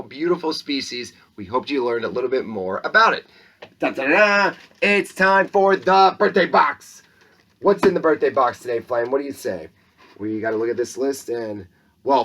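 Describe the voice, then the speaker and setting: A man's voice: medium pitch, recorded from a distance. A young man hosting upbeat school morning announcements, enthusiastic and exclamatory as he speaks to students and the school mascot.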